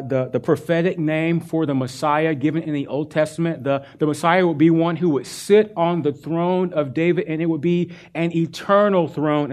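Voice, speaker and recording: A male pastor delivering a sermon, his voice sitting a bit high for a man. He tells the scripture story earnestly and with animation, pressing his points to the congregation.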